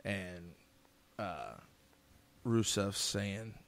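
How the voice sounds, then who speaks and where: A man's voice: low voice, expressive, extremely slow, fairly bright tone. A man co-hosting a podcast who insists on his point and repeats it in casual chat. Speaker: podcast co-host.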